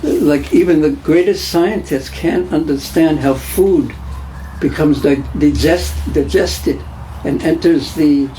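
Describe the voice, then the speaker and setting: A man's voice: fairly high pitch, takes it slowly, dark tone, slight background noise, poor audio. A man giving a devotional class lecture in a conversational way, repeating phrases and putting questions to the listeners. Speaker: lecturer on scripture.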